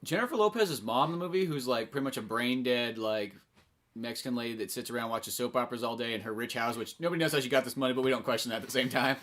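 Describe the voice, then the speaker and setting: A young man co-hosting a podcast, bantering quickly and profanely about movies. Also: medium pitch, a bit bright. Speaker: podcast co-host. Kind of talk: casual chat about movies.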